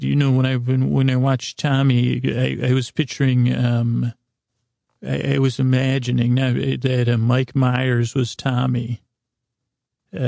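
A man with a deep gravelly fry tells a rambling, comedic bedtime story in a flat, deadpan way. His dark, mellow voice sits on a narrow pitch range, close and dry, and he stumbles through restarts and side trails as he goes. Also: no room sound. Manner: halting, meandering delivery full of restarts. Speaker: podcast storyteller.

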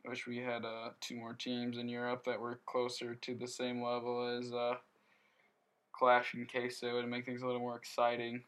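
Male podcast host, casual gaming chat, loose and rambling, bright tone. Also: mid-range voice, normal speed. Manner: relaxed, rambling, lots of fillers.

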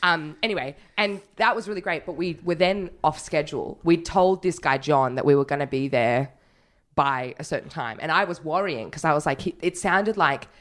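A woman, casually telling animated, swear-laden stories in a chat. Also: deep voice, normal speed. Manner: animated storyteller, swears freely.

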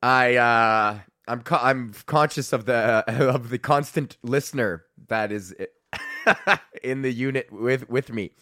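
A man's voice: medium pitch, slow pace, bright, forceful tone, no room sound, clean studio sound. A man hosting a podcast from home, ranting casually, swearing a lot and laughing at himself. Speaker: podcast host.

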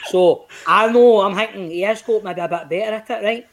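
In a casual podcast chat, a guest actor from Glasgow, late thirties, recounts a story with plenty of swearing and energy, voicing quotes in sweeping pitch changes. His delivery runs a little fast.

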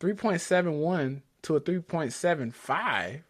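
With a slightly high voice and a measured pace, a man co-hosting a podcast talks drag racing in a relaxed, chatty way. He's keen and excitable, with lots of stumbling restarts.

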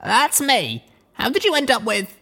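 A man's voice: very high-pitched, very animated, a little slow, gravelly, pushed and bright, pitched above the performer's own voice, full character voice. A man reading an audiobook, voicing a tough young female pony heroine who speaks in a level, wry way. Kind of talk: audiobook character voice.

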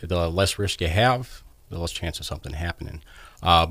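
Low-voiced guy explaining security stuff, lots of ums, dry sound. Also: expressive, a bit bright, dry recording. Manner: measured, many ums. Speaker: cybersecurity guest. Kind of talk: explaining in an interview.

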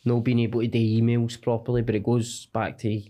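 A man's voice: mid-range voice, monotone, fairly quick, dark tone. Sweary young Scottish man, rambling. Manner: rambling, self-deprecating, sweary. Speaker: comedian guest. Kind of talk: casual podcast chat.

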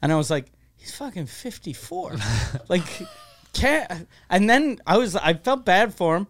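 A man co-hosting a podcast, chatting casually and telling animated stories, acting out quotes and laughing often. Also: high-pitched, unhurried. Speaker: podcast co-host. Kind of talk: casual chat.

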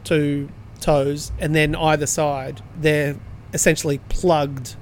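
A man's voice: a little high, little pitch movement, takes it slowly, a little hiss or hum. A man hosting a quiz segment in casual, chatty conversation with theatre guests. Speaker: radio quiz host. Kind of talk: casual chat.

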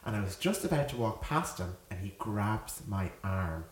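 A young man in his twenties, a podcast co-host, telling an animated story in casual chat, often laughing and acting out quotes. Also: fairly low pitch, moderate pace. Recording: echoey room with faint noise.

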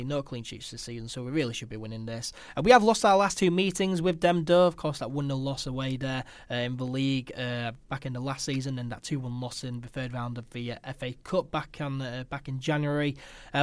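A man's voice: mid-range voice, brisk, few pauses, darkish tone, clear, resonant tone, no echo. A man hosting a casual football podcast, talking with many hesitant fillers. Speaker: podcast host. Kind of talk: football fan podcast chat.

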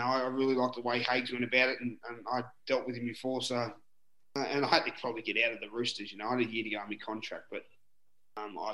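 A man's voice: mid-range voice, a bit bright. A middle-aged Australian man, a former rugby league player, telling rambling stories in a casual interview, full of "you know" and the odd swear. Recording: roomy echoing room.

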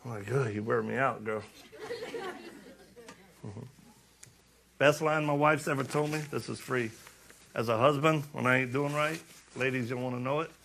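Man, middle-aged, gravelly, bright tone, sermon-style talk, joking, urgent, faint noise behind. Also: medium pitch, moderate pace, pauses often, a faint crowd. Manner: joking, animated storyteller; urgent, challenging. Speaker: speaker.

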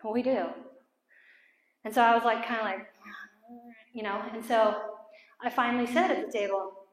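A middle-aged woman preaching with fervor, her voice sitting a little high for a woman. She swings from ringing, near-shouted peaks to hushed prayer and acts out voices for her listeners. The sound bounces around a large, echoey room. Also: steady tone, brisk, long pauses. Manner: impassioned, rising to near-shouting peaks, then dropping to soft prayer; acts out quotes and jokes with the room. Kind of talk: sermon. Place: large room with a live audience.

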